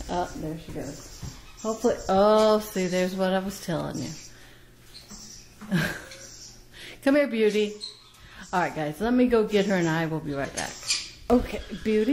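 A woman who breeds parrots, talking casually at home to viewers and cooing to her baby birds in a sing-song voice with soft laughs. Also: medium pitch, sing-song, measured pace, long pauses, slight background noise. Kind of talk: casual chat to camera and baby-talk to birds.

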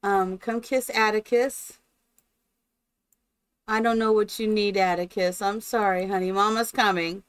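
Female streamer, chatty, coos at her game characters, measured pace. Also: medium pitch, fairly even intonation, clean tone, no room sound, rough recording. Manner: opens with a spoken blessing. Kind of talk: live gameplay commentary.

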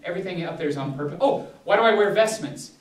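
Pastor teaching a Bible study, male, slightly high voice, digressive delivery, recorded far off in a roomy hall. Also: lively intonation, fast. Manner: rambling, digressive, many restarts and fillers. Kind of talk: casual teaching talk. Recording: echoey room, distant mic.

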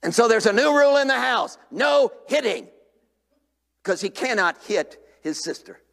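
An older man with a strikingly high, creaky voice delivers a revival sermon at a normal pace. He goes from booming shouts to hushed near-whispers, animated throughout, while the sanctuary stretches each phrase into a long reverb.

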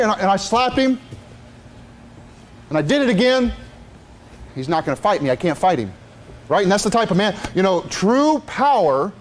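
A middle-aged man preaching a sermon in an emphatic, repetitive style with rhetorical asides. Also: high-pitched.

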